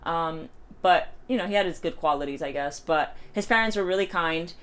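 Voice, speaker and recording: A young woman in her twenties tells a personal story to camera in a casual vlog. She acts out every quote with sharp swings in pitch and loudness and swears freely. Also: normal speed. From New York. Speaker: vlogger.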